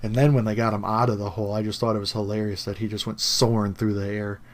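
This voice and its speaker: Low-voiced man, laughing podcast chat. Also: little pitch movement, fast talker. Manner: laughing, enthusiastic recounting of scenes. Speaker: podcast co-host. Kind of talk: casual chat.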